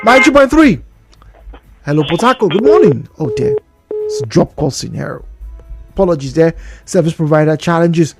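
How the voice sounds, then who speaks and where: Lively Nigerian male radio host. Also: a little high, normal speed, creaky, long pauses, soft background music. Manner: chatty, rhetorical questions, laughs between points. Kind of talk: call-in radio talk. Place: radio studio. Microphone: studio microphone.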